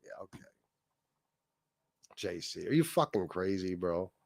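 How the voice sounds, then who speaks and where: A man's voice: low-pitched, lively intonation, measured pace, gravelly, dry recording. A man hosting a livestream, ranting and mocking someone with lots of swearing and laughter. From Sicilian heritage. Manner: mocking, profane, laughing often. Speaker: livestream host.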